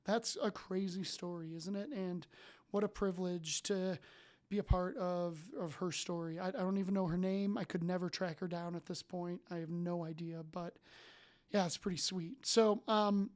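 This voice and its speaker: A man coaching his followers with earnest, faith-filled storytelling, animated and full of restarts and "like". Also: high-pitched, normal speed. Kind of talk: casual spoken storytelling to followers.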